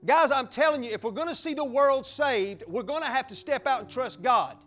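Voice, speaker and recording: A man's voice: very high-pitched, a little fast, a bit bright, soft background music. A man preaching a sermon as pastor, fiery and exuberant, with whoops and acted-out little scenes.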